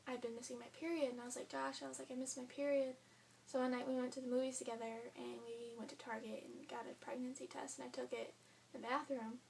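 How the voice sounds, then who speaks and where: A woman's voice: fairly high pitch, vocal fry, darkish tone. A young woman telling her own story in a chatty way, full of "like" and quoted dialogue. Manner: chatty, frequent "like", quoting others in her own voice. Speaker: vlogger. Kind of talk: casual storytelling. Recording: faint hum, a bit far from the mic.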